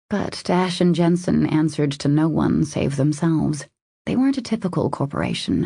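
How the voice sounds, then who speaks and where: A woman with a low, dark voice narrating a romance audiobook in a measured, intimate way. Her tone has gravelly fry and a husky, breathy grain. The recording is dry and close. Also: no echo.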